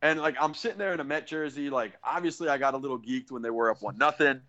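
Man, podcast co-host, casual sports chat, sarcastic ranting, middle pitch, dull lo-fi sound. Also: fast talker. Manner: animated, ranting with sarcastic asides.

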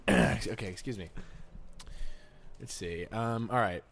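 A man's voice: lowish voice, takes it slowly, creaky. A young man co-hosting a casual podcast, rambling and teasing his friend in a joking way. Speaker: podcast co-host. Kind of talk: casual chat. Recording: faint background noise.

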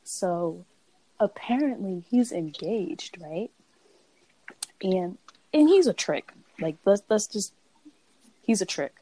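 Animated young woman telling stories. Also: mid-range voice, slow pace, pauses often, poor audio. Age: 20s. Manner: animated, swearing, acts out quotes. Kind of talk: casual storytelling chat.

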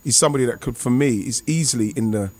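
A former footballer, telling a rambling, excitable anecdote over a remote call. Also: male voice, medium pitch, fast talker. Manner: rambling, excitable, many restarts and fillers. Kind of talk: casual anecdote on a podcast.

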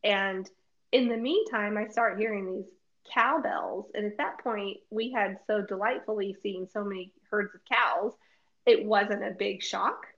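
Animated woman telling a travel story. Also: mid-range voice, unhurried. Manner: animated, laughing often, acts out quotes. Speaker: podcast co-host. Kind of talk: casual storytelling chat. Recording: dull lo-fi audio.

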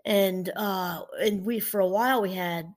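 A middle-aged woman, a professor, talking casually and warmly about gratitude, rambling a little and laughing through her stories. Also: mid-range voice, unhurried. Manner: chatty, rambling, laughs while telling stories. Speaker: professor and podcast host. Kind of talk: casual motivational talk.

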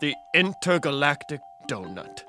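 A man voicing a proud, powerful intergalactic donut captain with a deeper, pointed, deliberate delivery. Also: very animated, pushed and bright, faint music behind, heavily acted.

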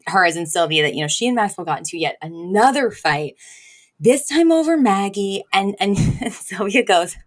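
A woman co-hosting a podcast, retelling a sitcom episode in animated, casual chat. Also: mid-range voice, normal speed. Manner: animated storytelling, acting out quotes, frequent laughter. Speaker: podcast co-host.

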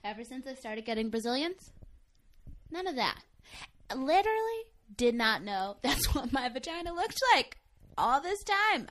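Chatty, candid young woman. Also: high-pitched. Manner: candid, chatty, animated storytelling with many fillers. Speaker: podcast co-host. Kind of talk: casual chat.

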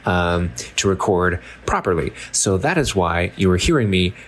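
Deep-voiced guy reading patron names off his phone, kinda apologetic, faint noise behind. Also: lively intonation, normal speed. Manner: apologetic, plain delivery. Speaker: podcast co-host. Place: apartment being taken apart.

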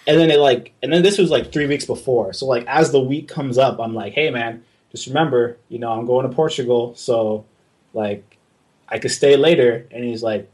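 This artist, a young man, recalls working abroad in a relaxed chat, his husky voice sitting at medium pitch and moving at a moderate pace. He gets animated, curses often, and performs the dialogue he quotes.

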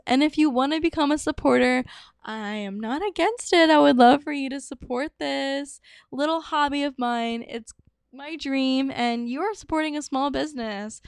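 Bubbly high-voiced young woman podcaster. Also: clean tone, no room sound, clean studio sound. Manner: bubbly, chatty, many fillers. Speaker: podcast host. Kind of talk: solo podcast talk.

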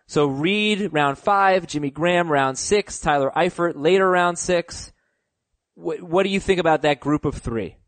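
Male podcast host, slightly high voice, dry close sound, casual sports chat. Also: a little slow, dry recording. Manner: leads the talk, lists picks and asks for opinions.

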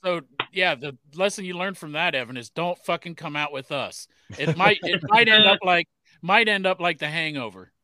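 A man's voice: high voice, moderate pace, sharp tone, dry recording. A middle-aged man hosting a podcast, chatting casually with teasing, profane banter. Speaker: podcast host. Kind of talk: casual chat.

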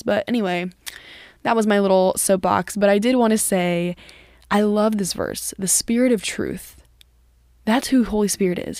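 Woman doing a faith podcast, earnest and chatty, mid pitch, super dry close sound. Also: a little mellow, no echo. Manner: earnest and conversational, with frequent "like" and "literally". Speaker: podcast host. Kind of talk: devotional podcast teaching.

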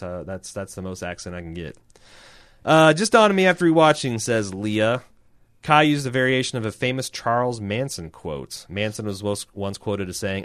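A man's voice: lowish voice, fairly bright tone, dry recording, clean studio sound. A man co-hosting a podcast, reading listener emails aloud in casual, joking banter and tripping over names.

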